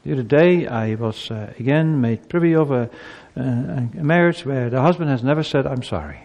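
A man's voice: medium pitch, moderate pace, gravelly, lo-fi sound. A man preaching a sermon, talking animatedly and acting out what people say to each other. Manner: animated, acts out quoted speech. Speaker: pastor. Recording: long hall reverb.

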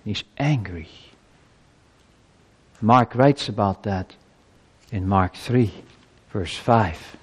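A man's voice: on the low side, extremely slow, long pauses, breathy edge. A male pastor giving a sermon in a church, earnest and emphatic, his voice climbing as he presses his points. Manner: earnest, emphatic preaching with rising intensity. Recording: long reverb of a church hall.

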